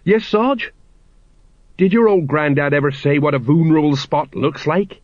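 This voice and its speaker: A man's voice: on the high side, moderate pace, no echo, voice pushed up, lightly acted. A man doing a blustering old sergeant. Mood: nervous bravado. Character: blustering stout older male sergeant, nervous. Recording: slightly muffled dry recording.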